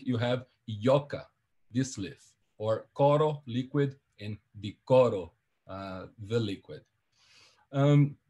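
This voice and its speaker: A man presents part of an academic seminar at a middle pitch. He explains each point carefully and pauses often with fillers. His delivery is steady and unhurried. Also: slightly rough. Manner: careful, explanatory, with frequent hesitations.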